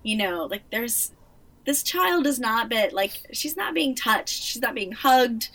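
Chatty higher-voiced woman co-host. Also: a little slow, far from the mic. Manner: chatty, lots of fillers, expressive laughs. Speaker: podcast co-host. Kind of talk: casual podcast chat.

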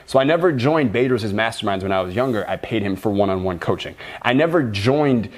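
A man's voice: fairly low pitch, expressive, a little fast. A man hosting a casual podcast conversation as a business mentor, talking bluntly and swearing freely.

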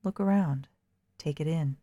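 Reader doing a smooth, predatory vampire man. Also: on the high side, a little slow, warm tone, dry recording, studio quality, lightly acted. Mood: hushed.

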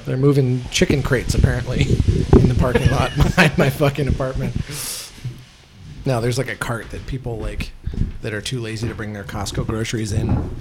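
A man hosting a casual comedy podcast, jokey and animated, swearing freely. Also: mid-range voice, moderate pace, heavy background noise. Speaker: podcast host. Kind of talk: casual chat.

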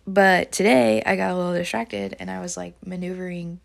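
Creaky-voiced woman teacher rambling. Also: on the low side, fairly even intonation, fairly quick. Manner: rambling, full of fillers; emotional, confessional. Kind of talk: personal diary talk.

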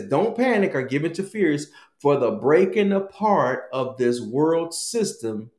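A man's voice: medium pitch, darkish tone. A male pastor delivering a sermon, repeating phrases for emphasis and calling the congregation to speak to their neighbors. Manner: emphatic, repetitive preaching with calls to the congregation. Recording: echoey room.

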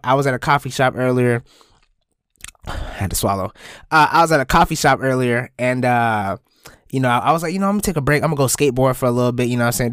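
A young man hosting his own podcast, telling a story in a casual, profane way and jumping into high-pitched bits. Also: a bit bright, clear, resonant tone, no room sound, studio quality. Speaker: podcast host.

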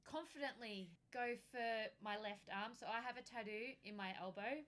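A woman chatting casually, telling an animated anecdote with casual swearing. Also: fairly high pitch, normal speed. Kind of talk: casual chat.

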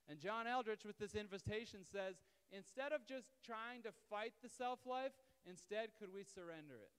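A man preaching a sermon to a live congregation in a conversational, animated way, full of asides to the audience. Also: sits high, normal speed, clear, resonant tone, in a large hall. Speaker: pastor. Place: church hall, live service.

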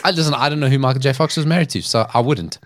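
A man's voice: medium pitch, racing, fairly bright tone, no echo, clean studio sound. A man hosting a podcast, telling a story in a chatty way and laughing often. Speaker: podcast host. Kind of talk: casual chat.

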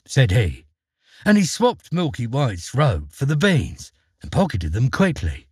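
A man narrating a fairy tale in an expressive, dramatic storytelling manner. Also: medium pitch, measured pace, breathy edge, dry recording, studio quality.

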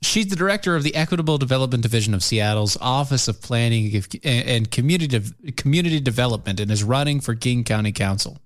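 A man's voice: medium pitch, animated, fast talker, hardly any pauses. A man co-hosting a talk show, chatting casually, rambling with frequent restarts and laughs. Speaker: podcast co-host. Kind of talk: casual chat.

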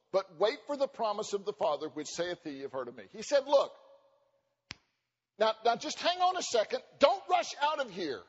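Animated man preaching in a reverberant church. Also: high-pitched. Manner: animated, acts out quoted voices, joking asides. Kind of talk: sermon. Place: church sanctuary. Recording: dull recording with long hall reverb.

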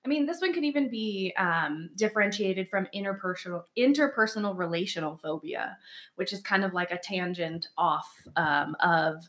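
A woman's voice: mid-range voice, animated, moderate pace, fairly bright tone. A woman co-hosting a podcast, explaining phobias in clinical terms in casual chat. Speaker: podcast co-host.

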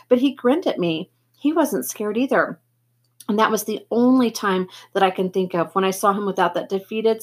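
A woman reading a novel aloud to students, expressive, with occasional slips and restarts. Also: mid-range voice, breathy edge.

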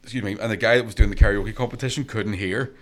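A man's voice: lowish voice, steady tone, fast. A man, a stand-up comedian, telling profane stories in casual chat and laughing as he goes. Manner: profane, laughing through his own stories. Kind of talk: casual podcast storytelling.

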